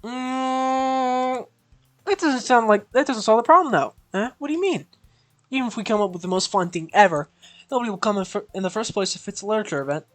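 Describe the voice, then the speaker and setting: A bubbly, clumsy teenage schoolgirl from a visual novel, put on by a streamer reading it aloud. She sounds chirpy and eager and jumps high in pitch. Soft music plays faintly underneath. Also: animated, fast, close to an everyday voice. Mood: earnest.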